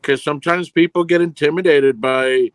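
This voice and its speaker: A man's voice: a little high, steady tone, no echo. New York man, dry close voice. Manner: measured, halting with many uh's. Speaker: film producer guest. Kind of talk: casual interview chat.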